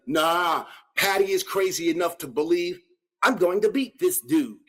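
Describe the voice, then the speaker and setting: A man hosts a solo combat-sports podcast with a husky, slightly raised voice. His delivery is lively and animated, full of slang as he addresses his viewers directly. He sounds like a fan breaking down the matchup for his audience. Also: high-pitched, a little slow. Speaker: podcast host. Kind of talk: solo fight-analysis podcast.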